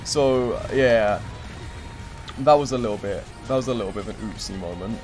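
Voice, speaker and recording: A man's voice: on the low side, normal speed, darkish tone. A young man streaming, telling a rambling story in casual chat with lots of fillers and acted-out quotes. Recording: music playing behind.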